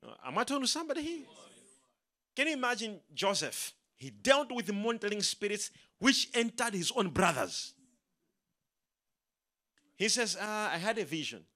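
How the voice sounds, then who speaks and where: A man preaching a sermon, emphatic and animated, leading the congregation in call-and-response. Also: high-pitched, moderate pace, pauses often. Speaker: pastor.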